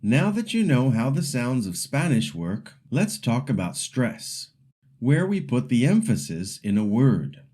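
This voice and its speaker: A man narrating a scripted language lesson as the teacher, explaining rules patiently and slowly modeling example words for the listener to repeat. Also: mid-range voice, sing-song, dark tone, husky.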